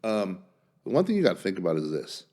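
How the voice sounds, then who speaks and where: A man co-hosting a podcast in casual chat, giving measured advice with steady emphasis. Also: low-pitched. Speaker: podcast co-host.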